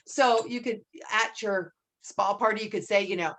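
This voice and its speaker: A woman's voice: mid-range voice, fairly even intonation, moderate pace. Chatty woman coaching a sales team. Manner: chatty, acts out sample lines in a brighter voice. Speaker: direct sales team trainer. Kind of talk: casual training talk.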